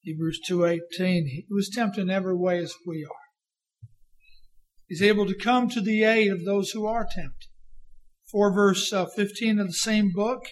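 A man preaching a sermon with impassioned delivery, rising to loud emphasis and dropping to a hushed quiet. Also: sits high, unhurried, low-quality recording.

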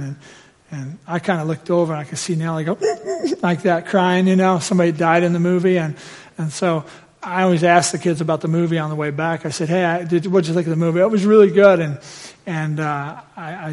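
A middle-aged man preaching a sermon in a church, telling a family story and swelling loud at the climaxes. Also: on the high side. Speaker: pastor.

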